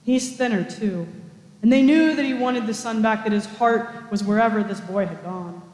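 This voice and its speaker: A man's voice: sits high, normal speed, darkish tone. A man preaching a storytelling sermon in a conversational style with casual asides, in a cathedral. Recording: echoey cathedral reverb.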